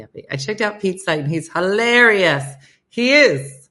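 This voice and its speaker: A woman's voice: low-pitched, moderate pace, a bit bright. A middle-aged American woman hosting a casual morning live stream, chatting and rambling to her viewers in a self-deprecating way.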